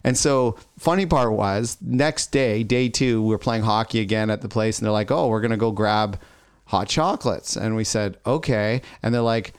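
A man's voice: mid-range voice, normal speed, clean tone, dry recording, clean studio sound. A middle-aged man from Canada co-hosting a podcast, chatting casually and telling a long story in a rambling way, acting out what others said. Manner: rambling storyteller, acts out quotes. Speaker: podcast co-host. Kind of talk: casual chat.

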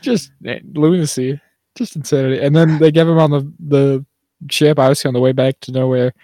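A man co-hosting a podcast in casual chat. He laughs often and jumps higher when he acts out characters' lines. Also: steady tone, fairly quick, mellow, dry recording, studio quality. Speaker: podcast co-host.

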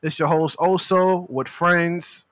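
A man's voice: a little high, fairly even intonation, takes it slowly, a bit bright, no echo. A young man from the United States hosting a casual podcast, bantering and laughing with his friends. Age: young adult. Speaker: podcast host. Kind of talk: casual chat.

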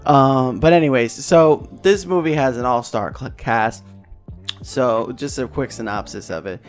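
A man's voice: medium pitch, measured pace, soft background music. A man hosting a podcast in loose, rambling casual chat, swearing freely and laughing often. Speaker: podcast host.

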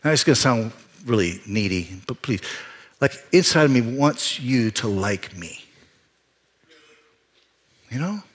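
An older man, a pastor, preaching a confessional sermon, moving from hushed, halting storytelling to loud, emphatic exhortation. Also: mid-range voice, lively intonation, breathy edge. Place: church sanctuary.

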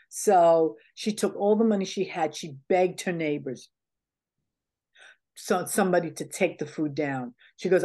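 A woman's voice: fairly low pitch, a little slow, dark tone. A middle-aged American woman, a guest in a casual interview, telling heartfelt stories in a rambling way with many fillers. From United States. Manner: rambling, heartfelt storytelling with many "you know"s.

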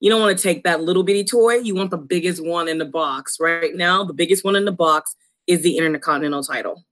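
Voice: medium pitch, fast talker, a bit bright. A co-host of a casual talk show giving confident, opinionated predictions. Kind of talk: casual chat.

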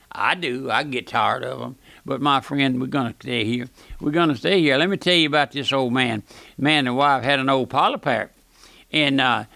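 An older man preaching a radio sermon in a gravelly voice that sits a little high. He is emphatic and folksy and keeps repeating his phrases, and the recording is dry and close. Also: sharp tone, no room sound. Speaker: radio pastor.

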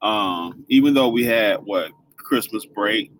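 A man co-hosting a casual podcast chat with his wife, teasing and animated. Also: on the low side, takes it slowly, slight background noise, rough recording. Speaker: podcast co-host.

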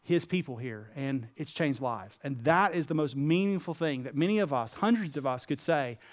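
A man's voice: fairly high pitch, animated, normal speed. A man preaching a sermon as pastor, earnest and emphatic, telling stories with voiced characters.

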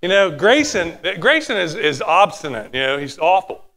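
A man preaching a sermon, animated, sometimes dropping to a hushed tone and acting out little quotes. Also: fairly high pitch, moderate pace. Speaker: pastor.

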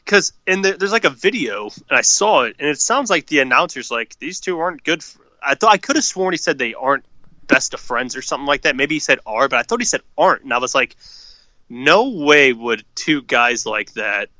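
A man's voice: medium pitch, expressive, brisk, pushed and bright, no room sound, highs cut off. A man co-hosting a casual hockey podcast, swearing freely and ranting with strong opinions. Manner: profane, fired-up hockey opinions. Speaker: podcast co-host. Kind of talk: casual sports chat.

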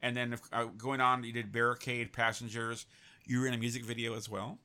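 A man's voice: mid-range voice, level tone, fairly quick, sharp tone. A man hosting a casual interview, rambling with lots of restarts and fillers. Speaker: host.

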